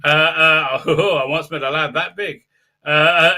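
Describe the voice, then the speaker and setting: A man's voice: a little high, fairly even intonation, a little slow, pushed and bright. A man casually recapping a TV episode on his channel, sarcastic and crude, with many filler uhs and mocking asides. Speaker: YouTube host reviewing a TV episode.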